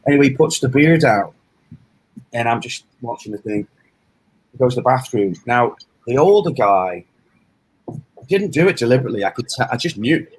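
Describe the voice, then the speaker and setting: A middle-aged man from England talks casually about self-defense in a husky, slightly breathy voice. He rambles through stories, restarting sentences and dropping in fillers, his pitch sitting in an ordinary middle range. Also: expressive, normal speed, pauses often, poor audio. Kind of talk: casual interview talk.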